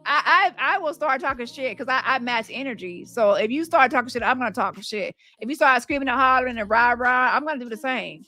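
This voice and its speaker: A woman's voice: a little high, pushed and bright. A woman hosting casual commentary, blunt and profane, reading messages aloud and reacting with laughs. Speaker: commentary host.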